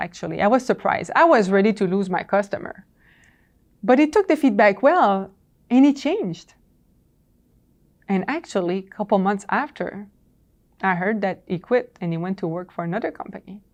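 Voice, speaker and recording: A woman leading a workplace training session at a moderate pitch. She talks casually, scattering "uh" and "um". She slips into quoted dialogue as she tells stories. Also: a little mellow. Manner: anecdotal, acts out dialogue, conversational with fillers. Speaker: presenter. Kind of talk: professional training talk.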